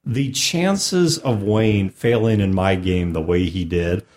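A man's voice: low voice, slow pace, a little mellow. A man who is a game master and podcast host, explaining a tabletop game in casual chat with a wry manner and frequent laughter.

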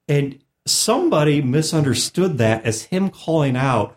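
A man's voice: a little high, expressive, moderate pace. A man who is a game master and podcast host, explaining a tabletop game in casual chat with a wry manner and frequent laughter.

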